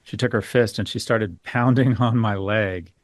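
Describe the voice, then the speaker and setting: A man's voice: lowish voice, steady tone, normal speed, dry recording, clean studio sound. A middle-aged man, a guest on a podcast interview, speaking in a candid, opinionated way and telling stories. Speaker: guest financial expert.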